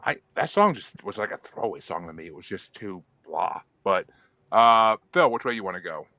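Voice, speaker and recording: A man's voice: sits low, sing-song, normal speed, creaky, no room sound, dull audio. A man hosting a podcast in casual chat, swearing freely as he runs the voting. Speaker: podcast host.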